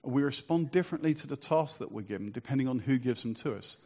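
A man's voice: medium pitch, lively intonation, quick pace, mellow, lo-fi sound. A man preaching a sermon in a conversational, storytelling way, asking rhetorical questions.

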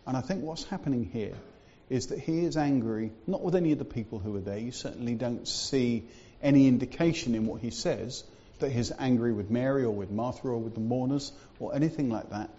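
Guy giving a church sermon, relaxed chatty preaching, warm low tone, kinda muffled recording. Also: a little fast, few pauses. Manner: conversational preaching with frequent fillers and asides.

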